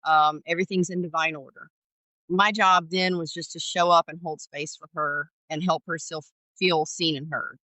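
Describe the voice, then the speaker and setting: A woman's voice: low-pitched, fairly even intonation, normal speed, pushed and bright, dry recording, low-quality recording. A middle-aged woman from Georgia, a former ER paramedic, telling candid stories in an interview and acting out dialogue with animation. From Georgia, USA. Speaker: podcast guest, former ER paramedic. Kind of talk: storytelling interview.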